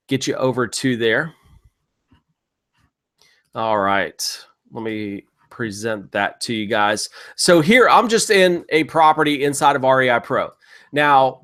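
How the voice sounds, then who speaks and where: A man walking viewers through real estate software in a screen-share tutorial, talking casually and coaching them through sample phone calls. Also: a little high.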